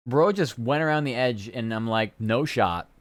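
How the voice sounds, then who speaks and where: A man's voice: mid-range voice, normal speed, no room sound. A man streaming, chatting casually and rambling loosely, with the odd swear word. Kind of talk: casual live-stream chat.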